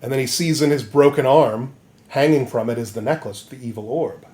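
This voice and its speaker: A man hosting a podcast, recapping a story in an animated, rambling comedic way. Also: mid-range voice, brisk. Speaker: podcast host.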